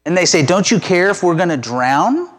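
Man preaching in a relaxed, chatty way. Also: high-pitched, normal speed. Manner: conversational, self-deprecating preaching with restarts. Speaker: pastor. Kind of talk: sermon.

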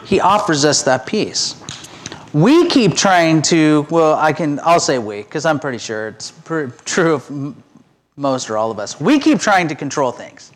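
A man's voice: on the high side, sing-song, measured pace. A middle-aged man giving a conversational, self-deprecating sermon as pastor.

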